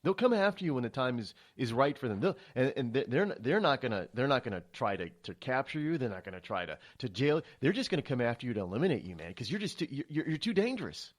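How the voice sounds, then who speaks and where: A man's voice: mid-range voice, fast, few pauses. A man hosting a talk radio show, speaking in a rambling, emphatic monologue full of restarts and stammers. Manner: animated, emphatic delivery.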